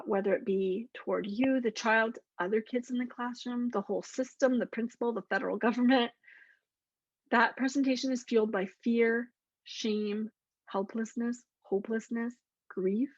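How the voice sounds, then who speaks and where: A woman explaining emotion coaching to teachers in an earnest, deliberate way, slowing down to repeat key lists. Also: fairly high pitch, no echo. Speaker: clinician presenting to teachers. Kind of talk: explanatory talk to camera. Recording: dull lo-fi dry voice recording.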